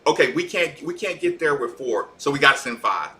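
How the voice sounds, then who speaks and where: Sports-talk co-host, male, forceful tone, lots of restarts. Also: medium pitch, a little fast. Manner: animated, repeats words as he restarts.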